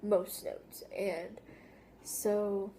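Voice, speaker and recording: A woman's voice: mid-range voice, little pitch movement, extremely slow, dark tone, slight background noise. A teenage girl telling a story on her vlog in a rambling way, with lots of fillers, often dropping to a whisper. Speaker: vlogger. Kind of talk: casual story-time vlog.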